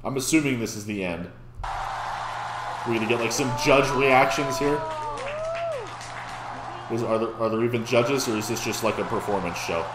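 A man hosting a casual reaction video, excitable and often stammering and restarting mid-sentence. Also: mid-range voice, normal speed, long pauses, loud music behind the voice, a loud crowd. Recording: echoey room.

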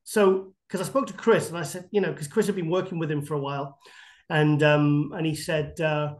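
A man, a guest on a podcast interview, telling rambling, animated anecdotes full of fillers and restarts. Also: a little high, brisk. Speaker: bodybuilding guest expert.

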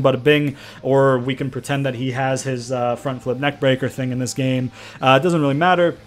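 A young man giving casual, profane let's-play commentary, trash-talking and excitable as he plays a wrestling game. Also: mid-range voice. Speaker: gaming commentator.

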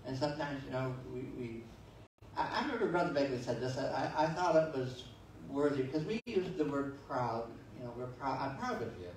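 A man's voice: medium pitch, animated, fairly quick, darkish tone, slight background noise. A man preaching a sermon as pastor, folksy and conversational, telling stories and reading scripture with many restarts and asides. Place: church sanctuary. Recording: echoey church sanctuary from far off.

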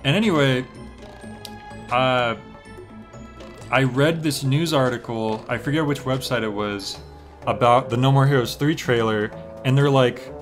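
A young man streams a game and chats in a relaxed way, rambling with plenty of filler words. His voice is medium-pitched and measured, with frequent pauses and soft music in the background.

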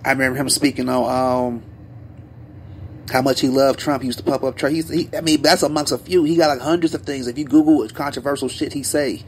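A man co-hosting a podcast, telling stories in a loose, animated way with plenty of slang and asides. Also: mid-range voice, brisk, a little hiss or hum. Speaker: podcast co-host. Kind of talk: casual podcast chat.

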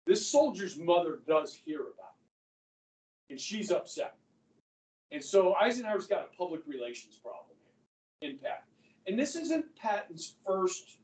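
A male history teacher with a high-pitched voice lectures his class, telling the story in an animated way and often addressing the students as "guys." He's recorded from a distance in an echoey classroom.

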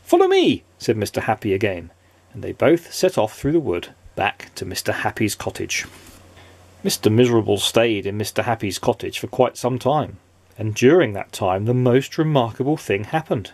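A man's voice: lowish voice, moderate pace, dry recording. A father reading a children's story aloud in a playful, sing-song way.

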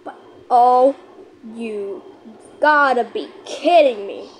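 A woman giving live commentary over her own gameplay, excitable and panicky, repeating herself and shouting countdowns when the clock runs down. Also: a little high, slight background noise. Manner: repeats phrases rapidly under pressure. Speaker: gaming channel host.

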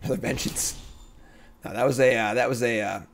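A man streaming a card game, thinking aloud through his plays and breaking into excited outbursts as he talks to chat. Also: mid-range voice, a little fast, gravelly, slight background noise. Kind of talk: casual gameplay commentary.

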